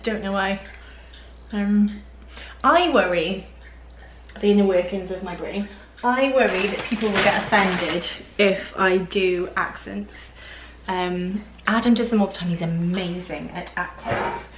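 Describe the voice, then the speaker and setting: A woman's voice: mid-range voice, a little slow, background noise. A young woman chatting casually at home on her sofa, rambling and giggling through a haul vlog. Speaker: lifestyle vlogger. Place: home living room, on the sofa.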